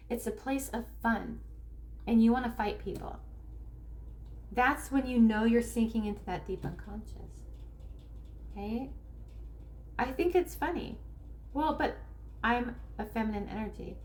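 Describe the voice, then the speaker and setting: Woman from Northern California, a tarot reader rambling off the cuff in a slightly higher voice, with faint background hiss. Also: a little mellow. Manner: rambling, with restarts and acted-out quotes; slows down to stress key points. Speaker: spiritual coach and tarot reader. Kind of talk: casual monologue to camera.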